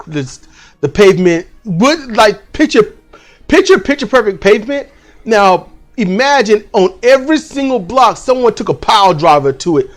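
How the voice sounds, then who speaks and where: A man telling a story at home in a casual, animated way, swearing freely and acting out the people he quotes. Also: high-pitched. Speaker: channel host.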